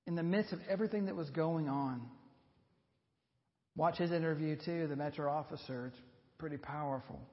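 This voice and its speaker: A man pastor preaching a sermon, earnest and measured, slowing down for emphasis. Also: sits high. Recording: dull lo-fi sound with long reverb.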